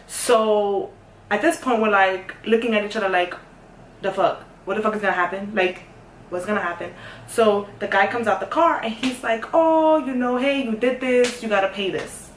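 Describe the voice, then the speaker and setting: A young woman telling a story in a casual, sassy way, dropping to a hush and then getting loud. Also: medium pitch, moderate pace, recorded from a distance, slight background noise. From New York. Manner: animated, sassy, swings from hushed to loud. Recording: echoey room, voice off-mic.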